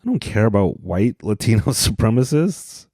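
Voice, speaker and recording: Male podcast host from Utah, low voice, mellow tone, rambling self-deprecating comedy monologue, dry close sound. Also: very animated, normal speed, dry recording.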